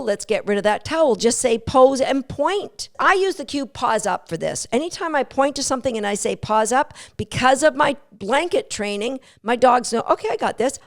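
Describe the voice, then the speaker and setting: Gravelly-voiced woman coaching dog training. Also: a little high. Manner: lively, coaching, acts out dog and owner thoughts. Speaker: dog trainer, podcast host. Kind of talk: instructional podcast talk.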